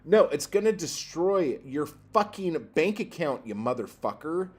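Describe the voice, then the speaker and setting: A man hosting a poetry livestream, ranting in a profane, exasperated way, jumping from loud outbursts to low muttering. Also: very animated, measured pace, hardly any pauses, slightly rough.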